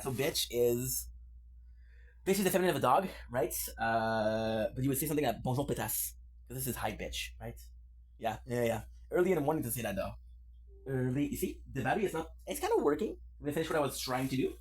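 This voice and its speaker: A man's voice: medium pitch, a little mellow, a little hiss or hum. A man chatting casually with his viewers on a live stream, playful and teasing.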